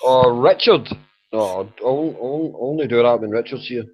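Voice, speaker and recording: A man's voice: mid-range voice, moderate pace. A man with a Scottish accent in a casual group voice chat, joking and swearing as he tells stories. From Scotland. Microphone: old computer mic. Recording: dull old microphone.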